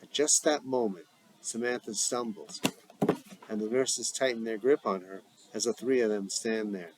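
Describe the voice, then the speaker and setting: Man reading a script aloud with stage directions; plain, deliberate, even. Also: lowish voice, heavy background noise. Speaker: script reader.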